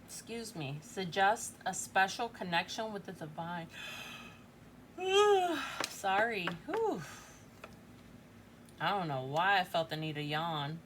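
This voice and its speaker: A woman's voice: on the low side, expressive, unhurried, noisy background. A woman in her forties giving a casual tarot reading, chatty and thinking aloud, often tagging lines with "right?". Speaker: tarot reader.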